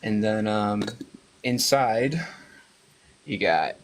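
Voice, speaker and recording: A man as an interview guest, telling stories animatedly with frequent laughs and sudden jumps in pitch. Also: animated, drawn-out words. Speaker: guest, cookbook author. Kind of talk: casual interview chat.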